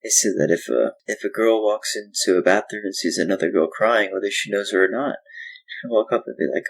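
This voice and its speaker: A man's voice: lowish voice, fairly quick, creaky, fairly bright tone, low-quality recording. A young adult man co-hosting a casual podcast, with dry, joking, self-deprecating humor. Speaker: podcast co-host. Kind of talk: casual chat.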